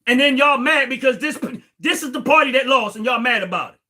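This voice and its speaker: An American man hosting a livestream, ranting in an indignant, repetitive way and often raising his voice to a shout. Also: extremely high pitch, animated, a little fast. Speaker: livestream host. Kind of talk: heated political livestream rant.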